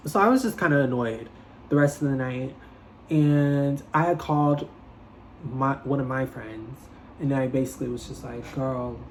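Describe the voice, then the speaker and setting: A man's voice: normal speed, slight background noise, rough recording. A young man telling a story on his vlog, chatty and dramatic, leaning on "like" and swearing freely. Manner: dramatic, switches into playful higher voices when quoting people. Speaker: vlogger.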